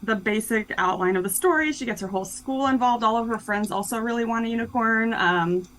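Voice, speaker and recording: Fairly high and a bit bright, her voice moves a little fast over a rough recording. The young woman is a guest discussing the children's book she co-authored, talking casually and cheerfully with many fillers like "um" and "like."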